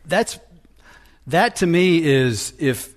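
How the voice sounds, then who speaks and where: A man preaching a sermon, teaching from scripture in a deliberate manner with frequent restarts. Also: on the high side, expressive.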